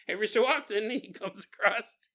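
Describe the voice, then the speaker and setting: A man's voice: high-pitched, normal speed, pushed and bright. A male podcast host telling a story in a casual, jokey way, often laughing and adding gross-out asides.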